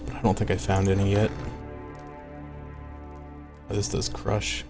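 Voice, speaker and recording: A low-voiced man talks his way through a fantasy video game on stream. His commentary is casual and rambling, full of "like" and "um". Quiet game music hums behind him. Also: completely flat delivery, measured pace. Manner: rambling, with frequent "like" and "um".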